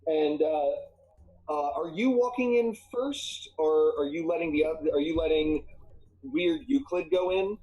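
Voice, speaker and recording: A man narrating a tabletop game as game master, halting with many ums and uhs. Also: on the high side, lo-fi sound. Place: live stream.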